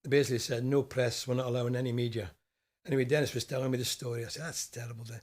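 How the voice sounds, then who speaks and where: Older scottish guy on a podcast, relaxed, telling old stories. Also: mid-range voice, rapid-fire. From Scotland. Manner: easygoing, anecdotal recollection. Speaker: guest, former footballer. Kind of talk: casual interview chat.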